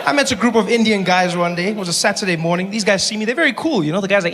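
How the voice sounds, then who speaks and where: A man with a South African accent doing stand-up comedy, animated, acting out characters and shouting some lines. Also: high-pitched, rapid-fire, some chatter behind, slight background noise.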